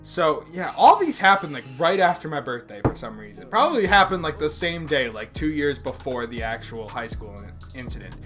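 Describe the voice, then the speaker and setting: A young man hosting a podcast, telling a story in a loud, animated, profane way and acting out the people in it. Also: fairly high pitch, brisk, hardly any pauses, over music. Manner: animated, profane, acts out quotes. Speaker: podcast host. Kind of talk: casual storytelling chat.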